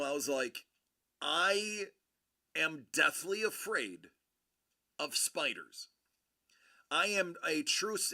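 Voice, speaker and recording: A middle-aged man hosts a casual collectibles show, rambling, joking, and restarting often as he tells stories. His voice is fairly high, pushed, and bright.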